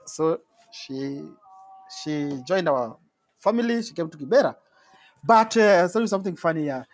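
A man with a Kenyan accent, a guest telling stories in an interview, animated and often repeating words and laughing. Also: on the high side, moderate pace. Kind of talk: storytelling in conversation.

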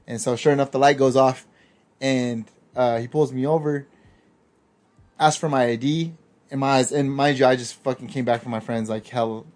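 A man's voice: mid-range voice, steady tone, normal speed, a little mellow. A young man hosting a podcast, chatting casually and telling stories in a laid-back way, full of fillers and slang. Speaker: podcast host.

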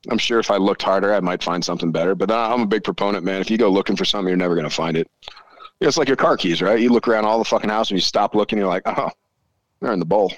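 A man in his forties, a podcast guest telling stories in casual chat, swearing freely and animated. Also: on the low side, very fast, no room sound, highs cut off. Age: 40s. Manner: profane, animated storyteller.

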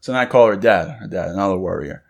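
A man, co-hosting a podcast, telling a story in animated fashion and acting out what others said. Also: sits low, quick pace, dull audio. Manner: animated storytelling, acts out quotes. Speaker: podcast co-host. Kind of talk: casual chat.

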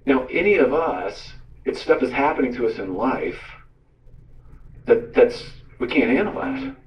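Male radio host preaching, animated storyteller, dull lo-fi sound with room echo. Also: mid-range voice, measured pace. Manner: storytelling, animated, acts out quotes. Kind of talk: sermon-style teaching talk. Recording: roomy, distant, dull sound.

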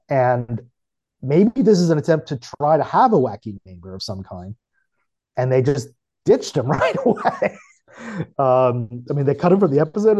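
Podcast cohost guy, warm low-key voice, kinda halting, thinking out loud. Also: highs cut off. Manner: thinks aloud, hesitant, with fillers and restarts. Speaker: podcast co-host. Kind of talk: casual chat.

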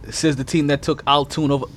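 A man hosting a casual sports podcast, animated and laughing, trash-talking over a call. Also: on the high side. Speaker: podcast host.

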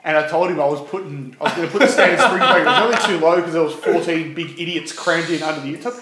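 A man's voice: fairly high pitch, quick pace, echoey room, over a noisy crowd. A man with an Australian accent hosting a casual podcast, telling stories in a laid-back way with frequent laughs. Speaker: podcast host. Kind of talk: casual chat.

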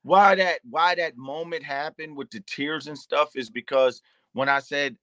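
A man's voice: on the high side, steady tone, unhurried, sharp tone, no room sound. A man telling an emotional personal story in earnest, repeating words and slipping into quoted asides. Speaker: pastor and youth nonprofit founder.

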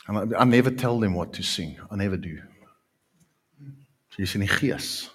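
A man, preaching a sermon with emphatic, drawn-out repetitions that swing from quiet to loud. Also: medium pitch, lively intonation, husky. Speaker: pastor.

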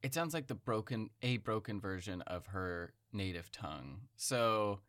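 A man's voice: on the low side, lively intonation, a little slow, fairly bright tone, no room sound, studio quality. A man in casual conversation, explaining patiently and hedging with "I think" and "like".

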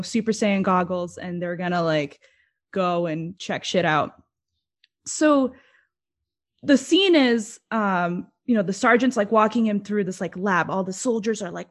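A woman chatting casually as co-host, telling a rambling story and laughing often. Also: medium pitch. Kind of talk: casual chat.

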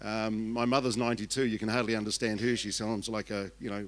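Chatty older Kiwi pastor, joking. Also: male voice, lowish voice, level tone, fairly quick. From New Zealand. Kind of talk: sermon.

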